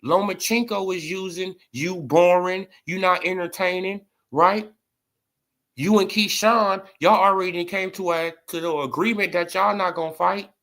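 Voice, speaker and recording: A man's voice: high-pitched, steady tone, a little slow, fairly bright tone. A man giving casual boxing commentary in an emphatic, repetitive, slangy way.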